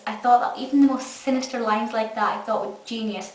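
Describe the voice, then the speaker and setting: A woman's voice: fairly high pitch, fairly even intonation, fairly quick. A young Scottish woman gushing through a casual episode review. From Scotland. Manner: enthusiastic, gushing. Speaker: fan reviewer. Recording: echoey room, mic far off, faint hiss.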